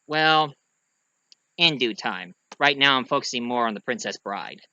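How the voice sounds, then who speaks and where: Bright-voiced man rambling through a film review. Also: medium pitch, animated, a little slow, long pauses, poor audio. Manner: rambling, full of fillers and restarts, acts out quotes. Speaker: movie reviewer. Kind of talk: casual spoken movie review.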